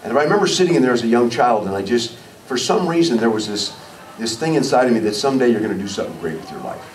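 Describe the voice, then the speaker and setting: A man's voice: mid-range voice, expressive, fast talker. A man giving a live leadership training talk, telling personal stories and asking the audience questions. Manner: storytelling, asks audience questions. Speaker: motivational speaker. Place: meeting room with audience. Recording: distant mic in a room, faint noise.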